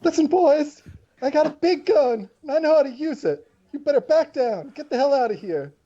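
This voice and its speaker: A tabletop player voicing a tough space bounty hunter, barking threats in a loud, raised voice. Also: sits high, animated, moderate pace, pitched above the performer's own voice. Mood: threatening. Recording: dull lo-fi recording.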